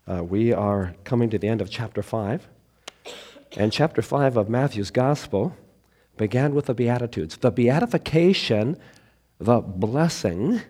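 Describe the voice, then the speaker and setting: A man preaching as a pastor at an evening church service, his voice hoarse from laryngitis, telling a story in a conversational way and building emphasis on key points. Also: medium pitch, dark tone. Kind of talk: sermon with a children's story.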